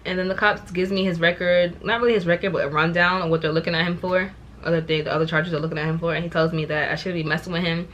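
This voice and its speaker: Animated young New woman telling a story. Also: fairly low pitch, quick pace, dull audio, a little hiss or hum. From New York. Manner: animated, exasperated, repeats words for emphasis. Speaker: vlogger. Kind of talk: casual storytime.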